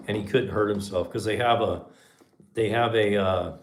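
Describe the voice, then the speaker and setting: A man's voice: on the low side, fairly even intonation, moderate pace, a little hiss or hum. A man, from Southern California, hosting a casual livestream chat in a rambling, laid-back way. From Southern California, USA. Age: 60s. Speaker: livestream host.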